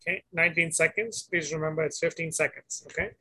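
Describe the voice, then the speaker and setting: A bright, clear-toned man leads a one-on-one English lesson. He is patient, repeats his questions slowly, and keeps checking whether his student is following. His voice sits a little high for a man. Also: steady tone. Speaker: English teacher.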